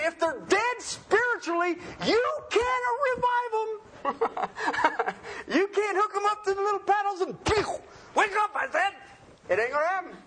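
Man, very high pitch, preacher, folksy, joking, questions the congregation. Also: sharp tone, slight background noise. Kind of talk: sermon.

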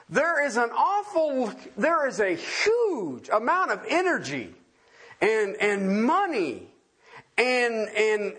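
A man's voice: high-pitched, sing-song, takes it slowly, fairly bright tone, husky. A man preaching a sermon in a folksy, emphatic way, firing off rhetorical questions and repeating key words.

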